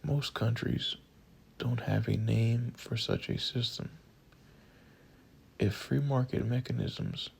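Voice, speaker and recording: Slow, gravelly male audiobook narrator. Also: mid-range voice, rough recording. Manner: slow, measured reading of list items.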